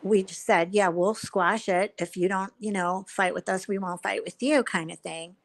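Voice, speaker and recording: A woman's voice: mid-range voice, fairly even intonation, normal speed, low-quality recording. A woman hosting a live stream, chatting casually and retelling conversations in detail with quoted back-and-forth. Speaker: livestream host.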